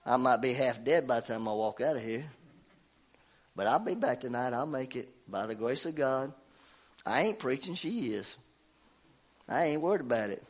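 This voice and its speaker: Folksy preacher with a stuffy voice. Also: male voice, medium pitch, moderate pace, pauses often. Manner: folksy, animated, laughs at himself. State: congested from a cold. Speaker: pastor. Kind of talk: sermon with personal story.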